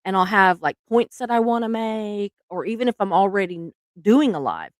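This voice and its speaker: A woman's voice: medium pitch, animated, brisk, dry recording, studio quality. Chatty woman, laughing often. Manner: chatty, laughs often, trails off mid-sentence. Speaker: live stream host. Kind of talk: casual live stream chat.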